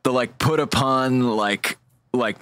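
A man's voice: mid-range voice, slow pace, a bit bright, slight background noise. A man in casual chat, thinking aloud hesitantly with many fillers and restarts.

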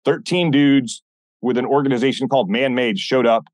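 Blunt, animated man telling stories. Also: mid-range voice, moderate pace, no echo. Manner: animated, blunt, swears often, acts out quoted dialogue. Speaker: podcast guest, former military instructor. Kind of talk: casual interview storytelling.

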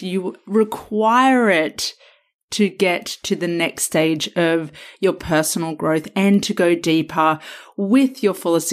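A woman hosting a self-help podcast, talking straight to the listener in an emphatic, coaching way with drawn-out stresses. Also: lowish voice. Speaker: podcast host and counsellor.

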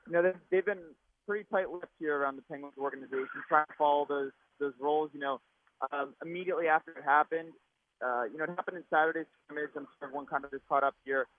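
A man reporting by phone from a practice rink, his voice muffled by a mask, talking rapidly and chattily. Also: on the high side, no echo. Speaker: sports reporter calling in. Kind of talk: casual chat. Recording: tinny phone line.

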